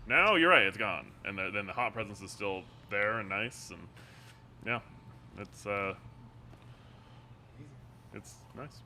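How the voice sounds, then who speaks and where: Bright, slightly low-voiced man, head brewer, casual rambling chat, laughs a lot, faint background ambience. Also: measured pace, pauses often, a little hiss or hum. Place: brewery taproom.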